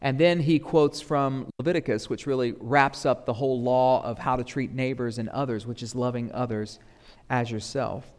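A man in his thirties, a pastor giving a sermon, chatty and humorous at times, then rising to loud, emphatic proclamation. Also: mid-range voice, fairly even intonation, moderate pace. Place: church sanctuary. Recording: long reverb of a church hall.

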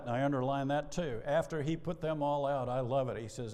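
A middle-aged male pastor delivers a sermon with lively energy, slipping into acted dialogue and chuckling as he goes. His voice sits in a middle register. It carries a long reverb tail, as if recorded in a large sanctuary. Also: medium pitch, a little fast, hardly any pauses. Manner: animated preacher, acts out dialogue, laughs often.

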